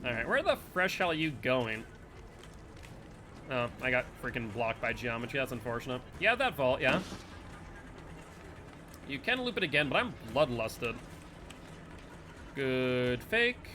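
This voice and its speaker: A man's voice: medium pitch, sing-song, unhurried, long pauses, background noise. A man with a Northeastern US accent, streaming a game live and rambling to chat between plays. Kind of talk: live gameplay commentary and chat.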